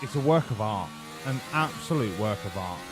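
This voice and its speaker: A man's voice: lowish voice, animated, moderate pace, very noisy. A man live-streaming a racing game, chatting in a profane, rambling way. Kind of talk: casual live-stream commentary. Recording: with game music behind.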